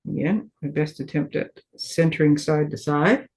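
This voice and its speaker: A woman's voice: deep voice, moderate pace, a little mellow, slight background noise. A woman leading a casual live paper crafting demo. She thinks aloud as she works and pokes fun at her own clumsiness. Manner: chatty, thinks aloud while working, self-deprecating.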